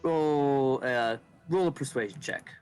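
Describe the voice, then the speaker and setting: Dude running a tabletop game, mid voice, casual and halting, lots of ums and likes. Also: male voice, mid-range voice, faint music behind, rough recording. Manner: casual, halting narration with many fillers. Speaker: game master.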